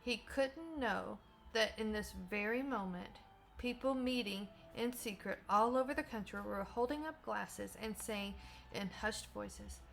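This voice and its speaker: A woman teacher reading a novel aloud for students, slowly and carefully, with small slips now and then. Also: medium pitch, vocal fry, fairly bright tone, soft background music.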